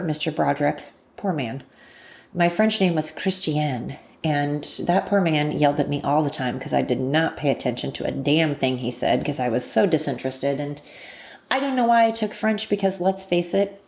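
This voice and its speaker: A woman's voice: sits low, creaky, dull audio. A woman in her late forties from the United States, rambling through a casual solo podcast with lots of ums and self-corrections. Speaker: podcast host.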